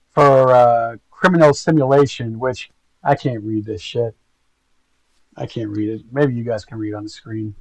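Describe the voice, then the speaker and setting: A man's voice: medium pitch, darkish tone, no echo, poor audio. Rambling gossipy man doing commentary. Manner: rambling, gossipy, full of fillers. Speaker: commentary streamer. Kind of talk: casual commentary.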